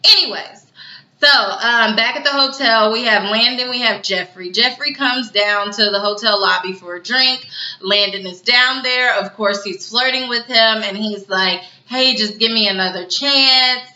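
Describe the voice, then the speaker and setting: Bright-voiced woman recapping a show. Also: fairly high pitch, normal speed. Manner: chatty, animated retelling with quoted dialogue. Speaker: TV episode reviewer. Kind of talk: casual recap monologue. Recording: echoey room, dull lo-fi sound.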